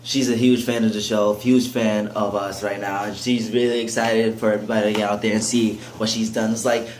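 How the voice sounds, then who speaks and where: A man's voice: on the low side, little pitch movement, a little fast, a little mellow, a little hiss or hum. A man hosting a casual fan talk show from a couch, laid-back as he announces what's coming next week. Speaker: show host. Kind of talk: casual chat. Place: living room set with couch. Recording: roomy with faint ambience.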